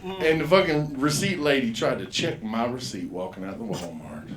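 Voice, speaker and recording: A man, performing a rambling, profane stand-up set and loudly acting out the people in his stories. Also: medium pitch, normal speed, echoey room, very noisy. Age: 50s. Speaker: stand-up comedian. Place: comedy club stage.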